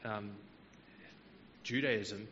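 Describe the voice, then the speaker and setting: Low-voiced man preaching in a hall. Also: steady tone, extremely slow, pushed and bright, highs cut off, slight background noise. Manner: explanatory, with hesitant fillers. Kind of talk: Bible teaching sermon.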